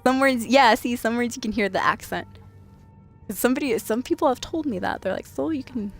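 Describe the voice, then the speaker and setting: A woman's voice: a little high, a little fast, faint music behind. A woman from Washington state chatting casually on a late-night gaming stream, laughing and thanking viewers by name. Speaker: game streamer.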